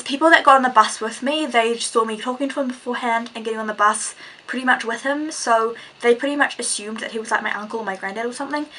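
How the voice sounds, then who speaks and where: A woman's voice: a little high, sharp tone, low-quality recording. A teenage girl with a New Zealand accent, chatty and rambling as she tells a story to her vlog viewers. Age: teens. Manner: chatty, rambling, lots of "like" and "and stuff". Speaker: vlogger.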